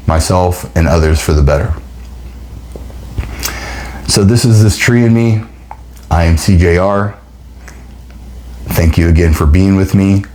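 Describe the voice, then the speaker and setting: A man hosting his own podcast, speaking in an emotional, heartfelt motivational monologue, halting and restarting as he nears tears. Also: low-pitched, dark tone, slight background noise. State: near tears. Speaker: podcast host.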